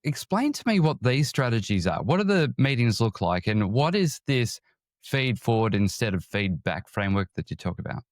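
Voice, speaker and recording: A man hosting a podcast interview, asking questions in a measured, deliberate way. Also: medium pitch, big pitch swings, no echo, studio quality. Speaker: podcast host.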